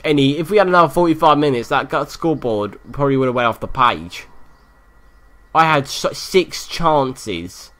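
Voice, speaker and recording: A man giving live gameplay commentary, excitable, swearing often and yelling at the game. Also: on the high side, normal speed. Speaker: gaming YouTuber.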